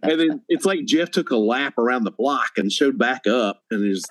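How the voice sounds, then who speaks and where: In a mid-range voice at normal speed, a middle-aged podcast guest spins a story during a casual chat. He gets animated, performing the quoted lines loudly and with real gusto.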